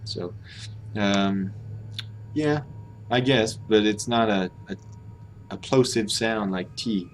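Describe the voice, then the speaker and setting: A man's voice: lowish voice, slow pace, long pauses, a little hiss or hum. An American man hosting a language-learning live stream, thinking aloud in a hesitant, self-correcting way. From United States. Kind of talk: casual live-stream commentary.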